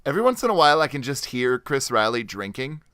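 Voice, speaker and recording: A young man hosting a podcast, bantering loudly with crude jokes. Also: medium pitch, big pitch swings, fast, smooth, dry recording, clean studio sound. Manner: loud, joking, crude banter. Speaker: podcast host. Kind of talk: casual podcast chat.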